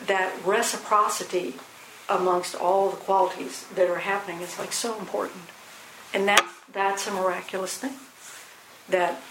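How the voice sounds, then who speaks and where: Woman musing aloud in a roomy hall. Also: mid-range voice. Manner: thoughtful, rambling, many fillers and restarts. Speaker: discussion group leader. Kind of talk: reflective group discussion. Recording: roomy echo, faint background hiss.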